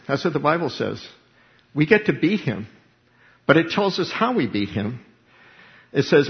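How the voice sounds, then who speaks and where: A man's voice: mid-range voice, lively intonation, measured pace, long pauses, big-room sound, lo-fi sound. A man preaching a sermon, emphatic, repeating key words and acting out little dialogues.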